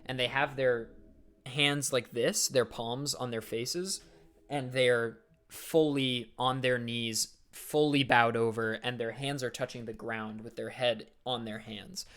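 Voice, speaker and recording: A man's voice: medium pitch, fairly even intonation, slow pace, fairly bright tone. A man runs a tabletop game, describing the scene in a loose, casual way. He fills his talk with "like" and "uh" as he narrates. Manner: casual, filler-heavy description. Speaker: dungeon master.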